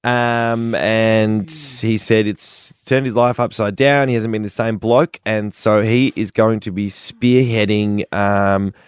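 A man hosting a radio word quiz, explaining things in a measured, teasing way. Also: fairly low pitch, steady tone, clear, resonant tone, no echo, studio quality. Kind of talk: casual radio banter. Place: radio studio.

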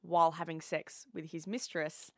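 A woman's voice: deep voice, flat delivery, moderate pace, a bit bright, no room sound, clean studio sound. A woman, a radio producer, telling a story on air in a giggly, hesitant way. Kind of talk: radio banter. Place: radio studio.

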